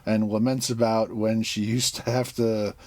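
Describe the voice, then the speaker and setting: Man, podcast co-host, casual comic review, crude jokes, laughs a lot, low voice, dry sound. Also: level tone, normal speed, a little mellow, dry recording. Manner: recaps plot with crude jokes, laughing often.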